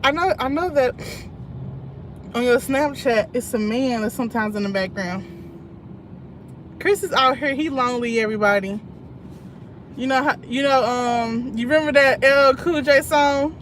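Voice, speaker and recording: A woman, chatting casually to her live-stream viewers from her car in traffic, greeting them by name and breaking into loud laughs. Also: high voice, normal speed, pauses often, poor audio. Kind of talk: casual live-stream chat while driving. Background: faint road and traffic noise.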